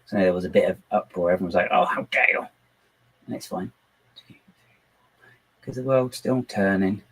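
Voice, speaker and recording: This channel host builds models on his computer during a relaxed livestream from home, rambling, making self-deprecating jokes, and talking to his dog and himself. He speaks at a normal speed in a low, husky voice that's a little mellow. The recording is low quality.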